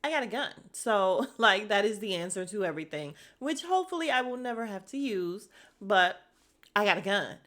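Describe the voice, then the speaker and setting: A woman's voice: medium pitch, normal speed. Gossipy woman recapping reality TV. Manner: animated, gossipy, acts out quotes. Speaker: podcast host.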